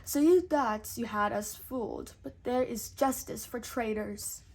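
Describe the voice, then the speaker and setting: A woman's voice: a little high, unhurried, darkish tone. A woman voicing a sly, gloating male sheriff who speaks smugly in a storybook.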